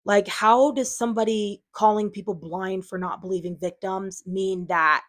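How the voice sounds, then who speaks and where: A woman's voice: medium pitch, steady tone, normal speed. A woman talking to her viewers in an unscripted vlog, defensive and frustrated, rambling with lots of fillers. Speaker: channel owner.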